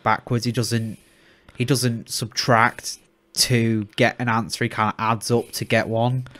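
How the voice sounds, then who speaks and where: A man's voice: mid-range voice, flat delivery, measured pace, fairly bright tone. A young man, co-hosting a casual chat podcast and rambling with many restarts. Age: young adult. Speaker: podcast co-host.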